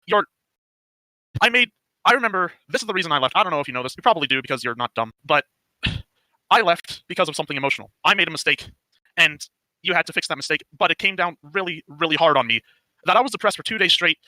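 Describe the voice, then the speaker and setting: Man, hurt ex-member on voice chat; high, very bright, quick. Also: animated, no echo, low-quality recording. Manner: hurt, emotional, pleading. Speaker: former group member. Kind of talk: emotional voice-chat confrontation.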